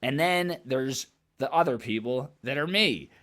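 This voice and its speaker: A man's voice: mid-range voice, animated, a little slow, a bit bright. A man giving blunt, emphatic commentary in a casual vlog, swearing freely and repeating phrases as he builds his point. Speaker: commentary vlogger.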